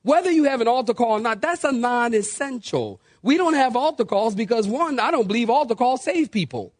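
A man's voice: very high-pitched, fairly quick, no echo. A man preaching a sermon as pastor, joking and calling for responses from the congregation. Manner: animated, joking, acts out quoted people.

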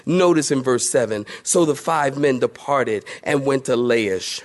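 A man's voice: medium pitch, measured pace, few pauses. A man preaching through a Bible passage in a conversational way, with playful asides. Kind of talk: expository Bible teaching.

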